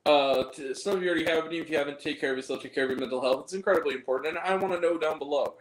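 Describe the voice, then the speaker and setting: A man's voice: fairly high pitch, racing. A man casually reviewing a movie in a blunt, rambling, profane way. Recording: roomy echo.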